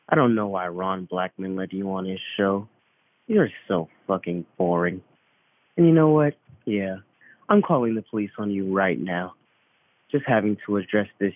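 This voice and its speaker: A man's voice: on the low side, no room sound. A man leaving a ranting, insulting voicemail full of mock threats. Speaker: caller. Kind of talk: angry prank voicemail. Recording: phone-line voicemail.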